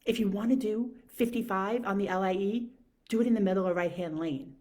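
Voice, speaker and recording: A woman telling exasperated, animated stories in a casual monologue rant, swearing freely. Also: medium pitch, brisk. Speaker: podcast host.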